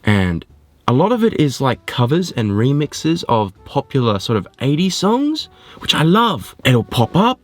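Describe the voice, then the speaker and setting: A man giving a casual spoken film review, animated and rambling, often poking fun at himself. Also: mid-range voice, measured pace, faint music behind. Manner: animated, rambling, self-mocking.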